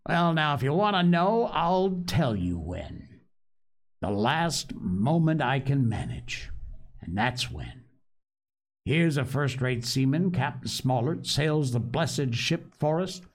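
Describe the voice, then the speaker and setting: A man's voice: mid-range voice, sing-song, slow pace, pitched above the performer's own voice, exaggerated voice. Man playing Long John Silver, scheming pirate. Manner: growling pirate dialect, lecturing. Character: old one-legged pirate cook, sly and scornful.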